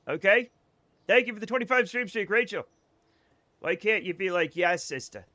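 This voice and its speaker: A man's voice: high voice, normal speed, bright, forceful tone, no room sound. A man with a faded Boston accent, joking and swearing through casual gameplay commentary on a live stream and laughing often. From Boston area.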